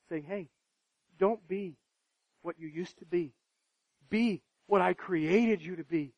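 A man preaching a sermon, swinging from loud, emphatic declarations to hushed, quiet pleading, sometimes repeating a word as he starts a phrase. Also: high-pitched, slow, pauses often, no room sound, lo-fi sound. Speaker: pastor.

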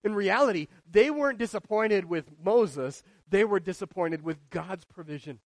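Male preacher, high-pitched, dry close sound, animated sermon delivery. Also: normal speed, no echo. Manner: animated preaching, shifting between loud and hushed; rhetorical questions to the congregation. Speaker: pastor.

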